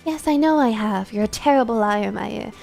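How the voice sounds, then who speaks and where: A woman's voice: medium pitch, moderate pace, creaky, darkish tone, soft background music, natural voice. A woman voicing a prim, sweetly menacing landlady who speaks in genteel tones and veiled threats, reading a game's dialogue on stream.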